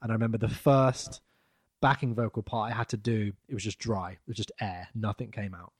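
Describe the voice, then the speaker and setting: A man, chatting casually as a podcast co-host, rambling and trailing off softly. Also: on the low side, steady tone, a little fast, breathy edge, no room sound, studio quality. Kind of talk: casual chat.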